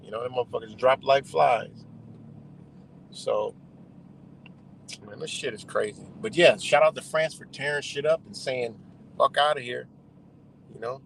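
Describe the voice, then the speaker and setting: A man's voice: medium pitch, normal speed, gravelly, pauses often, a little hiss or hum, poor audio. A man hosting a livestream, ranting in a heated, profane, rambling way with scattered laughs. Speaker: livestream host. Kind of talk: profane casual rant.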